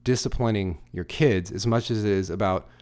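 A man's voice: fairly low pitch, normal speed, darkish tone. A middle-aged man and father giving blunt, crude life advice in a motivational monologue, full of emphatic rhetorical questions.

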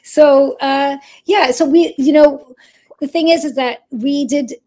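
A woman's voice: sits high, fairly even intonation, slow, a little mellow. A woman in her thirties, a children's TV performer, telling stories as an interview guest, chatty and laughing often, doubling back mid-sentence. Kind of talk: casual interview storytelling.

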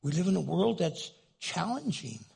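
A man's voice: high voice, big pitch swings, normal speed, vocal fry, a little mellow, husky. An older man preaching a sermon in a humorous, playful storytelling way. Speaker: pastor.

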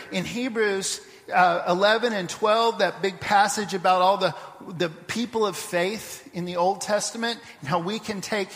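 High-voiced pastor preaching in a reverberant church. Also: male voice, fairly bright tone. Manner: conversational preaching, storytelling with restarts. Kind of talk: sermon. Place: church sanctuary.

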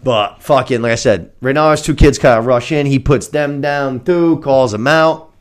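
A man co-hosting a podcast, recapping a TV episode in a casual, animated and profane way. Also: medium pitch, normal speed. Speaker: podcast co-host.

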